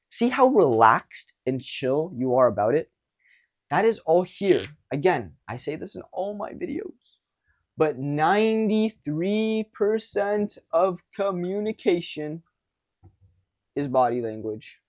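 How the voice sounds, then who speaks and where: A young man coaching viewers on dating in a casual monologue, animated and blunt, with casual swearing. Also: fairly high pitch, slow pace.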